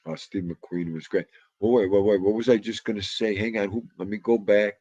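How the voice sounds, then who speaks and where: A low-pitched man chats on his livestream, wandering between thoughts and muttering to himself while he answers chat. The sound is dull and dry, with no room behind it. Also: steady tone, brisk, warm tone, no room sound. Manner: rambling, nostalgic, muttering asides to himself. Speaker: livestream host. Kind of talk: casual livestream chat reading comments.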